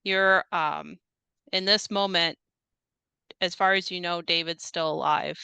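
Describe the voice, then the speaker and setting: Slow, bright-voiced woman game master. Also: lowish voice, fairly even intonation, creaky, clear, resonant tone, no echo. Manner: slow, measured narration with hesitant fillers. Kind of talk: narrating a tabletop horror game.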